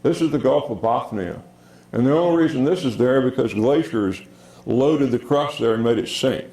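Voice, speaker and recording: A man lectures from his slides in a roomy, echoing hall. His voice is dark and gravelly, and he speaks haltingly, with many fillers. He keeps calling out "next" to move on to the next slide. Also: medium pitch. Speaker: geology lecturer.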